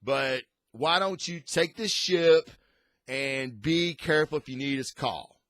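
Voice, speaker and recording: Guy putting on a chummy Scottish raccoon rogue, pitched up, dry sound. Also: slow pace, fairly bright tone, no echo. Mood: friendly. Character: wisecracking male raccoon space rogue.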